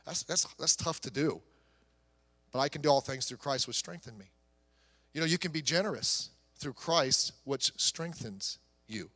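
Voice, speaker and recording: A male pastor preaches in a high, bright, ringing voice. He pushes hard on key lines, then drops into a quiet, chatty tone. The sound carries the long echo of a church sanctuary. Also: expressive, moderate pace. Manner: emphatic preaching that drops to soft storytelling. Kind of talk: sermon.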